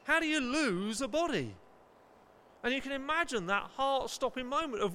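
A middle-aged man preaching a lively sermon, acting out panicked voices and asking the audience questions. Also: very high voice, moderate pace, slight background noise.

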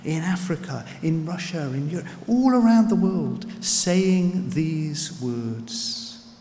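Slow-paced preacher in an echoey church. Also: male voice, fairly high pitch, animated. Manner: earnest, unhurried, with repeated words and a hushed prayerful close. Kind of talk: sermon. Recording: echoey church with long reverb.

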